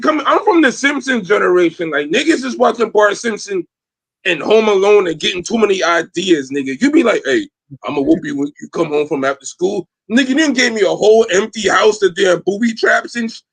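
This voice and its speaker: A man co-hosting a casual podcast chat, loud and incredulous, cracking profane jokes and laughing. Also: sits high, lively intonation, a little fast, husky, dry recording. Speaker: podcast co-host.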